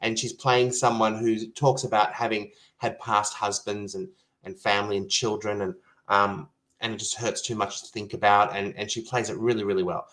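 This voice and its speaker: A man's voice: on the low side, little pitch movement, normal speed, a bit bright, poor audio. Hesitant enthusiastic male podcast guest. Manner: hesitant, filler-heavy, enthusiastic. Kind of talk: casual conversational podcast discussion.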